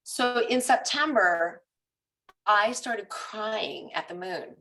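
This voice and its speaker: A woman fitness coach in a casual live group coaching chat, telling personal stories in an animated, confessional way. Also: mid-range voice, takes it slowly, recorded from a distance, rough recording.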